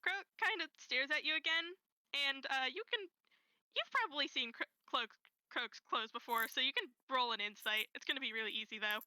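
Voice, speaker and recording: Brief: high-voiced woman running a tabletop game, halting casual narration, dry mic. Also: dry recording, poor audio. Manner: relaxed, halting narration with fillers. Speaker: game master.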